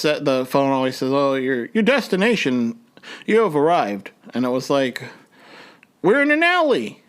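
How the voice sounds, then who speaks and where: A young man hosting a podcast, telling a personal story in a rambling way with many restarts, his voice jumping up when he acts out his panic. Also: smooth. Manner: rambling, frequent restarts, voice jumps high when reenacting panic. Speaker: podcast host.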